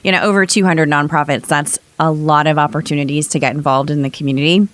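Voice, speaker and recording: Woman host with a very low, smooth voice, eager and chatty, dry close sound. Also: steady tone, dry recording. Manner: eager questions and quick reactions. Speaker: podcast host. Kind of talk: casual conversation.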